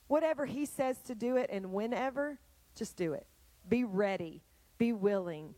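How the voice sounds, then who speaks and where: A woman preaching a sermon, telling Bible stories in an animated way and speaking straight to the congregation. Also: mid-range voice, moderate pace, no echo, poor audio. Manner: animated storytelling, addressing the congregation directly.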